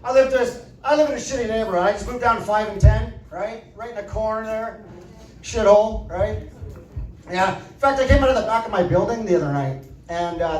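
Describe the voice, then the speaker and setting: Stand-up comic, male, high voice, deadpan storytelling, roomy club sound from a distance. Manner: deadpan storytelling, tags lines with "right?". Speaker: stand-up comedian. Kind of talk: stand-up comedy set. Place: comedy club stage. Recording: echoey club audio from afar.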